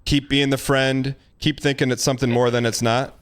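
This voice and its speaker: A man's voice: mid-range voice, flat delivery, moderate pace, clean tone. A man streaming live and giving blunt, emphatic dating advice in casual chat, repeating himself for emphasis. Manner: emphatic, repetitive, blunt, acts out quoted lines.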